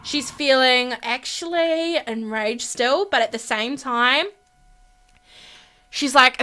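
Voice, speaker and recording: A woman narrating her life-simulation game play in an animated way, gasping and exclaiming as she goes. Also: fairly high pitch, a little slow, clear, resonant tone. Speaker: gaming YouTuber.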